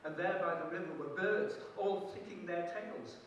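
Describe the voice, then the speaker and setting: Storyteller in an echoey hall. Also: male voice, high voice, normal speed, lo-fi sound. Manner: lively, playful, chuckling asides. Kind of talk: live folk storytelling. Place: festival hall. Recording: echoey hall, distant mic, hiss.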